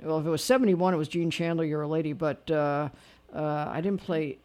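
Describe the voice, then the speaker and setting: Chatty radio DJ taking calls. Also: male voice, fairly high pitch, fairly quick, darkish tone. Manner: chatty, with frequent laughs and asides. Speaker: radio DJ and host. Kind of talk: radio call-in and music show. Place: radio studio.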